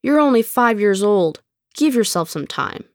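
A woman's voice: mid-range voice, animated, moderate pace, no room sound, studio quality, lightly acted. A woman reading aloud and voicing a cheeky, persuasive young neighbor boy who coaxes and teases. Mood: pleading. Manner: coaxing, pleading, teasing. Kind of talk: audiobook character reading.

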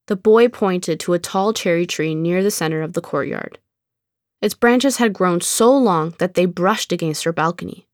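A woman narrating an audiobook story in a calm, measured storytelling manner. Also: lowish voice, no echo, studio quality.

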